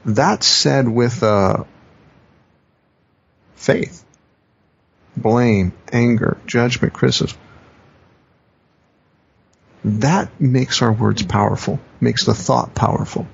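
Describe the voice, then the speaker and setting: A man's voice: medium pitch, drawn-out words, creaky, long pauses, slightly rough. A man, a coach and teacher, explaining ideas in a reflective podcast conversation, often rephrasing himself. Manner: reflective, repeats and rephrases, acts out quoted phrases. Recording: dull lo-fi podcast audio.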